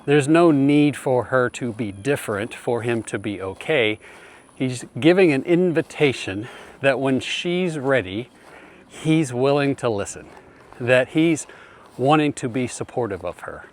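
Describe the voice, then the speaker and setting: Earnest male coach, mid-pitched, plain advice talk, addresses the listener as brother. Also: expressive, unhurried. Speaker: marriage coach. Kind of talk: direct-to-camera advice talk.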